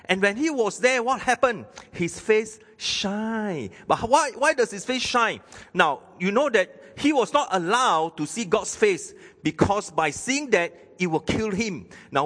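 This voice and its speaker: Animated preacher in a reverberant hall. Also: male voice, on the high side. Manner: animated preaching, rhetorical questions, frequent "okay". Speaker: pastor. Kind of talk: sermon.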